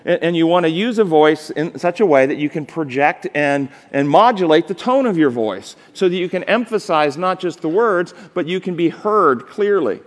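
A man's voice: a little high, lively intonation, moderate pace, hardly any pauses, long reverb tail. A man giving a live seminar lecture on public speaking. He speaks emphatically and often asks the audience rhetorical questions. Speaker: seminar instructor. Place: large seminar hall.

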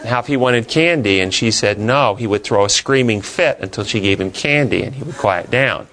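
A man's voice: on the low side, animated, moderate pace, a bit bright. A man teaching a classroom Bible lesson, asking the class questions and then answering them himself.

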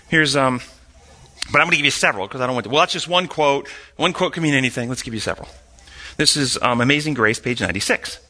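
A man's voice: fairly high pitch, lively intonation, fast talker, sharp tone. A man teaching a sermon-style Bible lesson, reading quotes aloud and questioning his listeners, rising sharply when he argues.

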